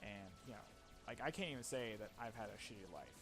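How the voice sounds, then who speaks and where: A man's voice: lowish voice, animated, fast talker, over music. Rambling, profane young man. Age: young adult. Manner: rambling, profane, self-mocking. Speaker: let's play commentator. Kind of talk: casual gameplay commentary.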